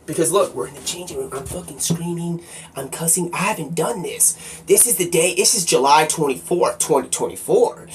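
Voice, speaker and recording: Male streamer, excitable profane rambler; distant mic, light background noise. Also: on the high side, normal speed. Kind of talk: rambling live-stream monologue.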